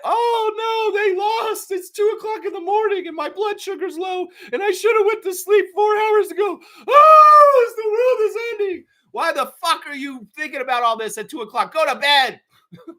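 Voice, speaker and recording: A man hosting a live fan show, ranting with lots of swearing and mocking impressions of other fans. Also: high-pitched. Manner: profane, animated ranting with mocking put-on voices. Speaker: sports podcast host.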